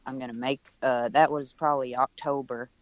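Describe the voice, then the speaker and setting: A man's voice: mid-range voice, flat delivery, a little fast, dry recording, muffled recording. A man at home on a video call, a musician telling stories in a casual, rambling interview with many restarts. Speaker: musician guest.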